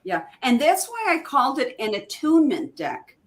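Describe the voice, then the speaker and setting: A woman's voice: high-pitched, wildly swooping pitch, normal speed. A woman who is a guest in a casual chat, explaining her ideas with enthusiasm. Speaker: guest, oracle card creator.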